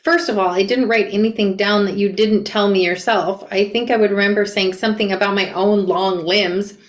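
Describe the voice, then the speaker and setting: A woman's voice: mid-range voice, brisk, roomy sound. A woman from Portland, Oregon reading a memoir aloud and breaking off into casual, chatty reactions. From Portland, Oregon, USA. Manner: casual, animated, chatty asides. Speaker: book reader and commentator.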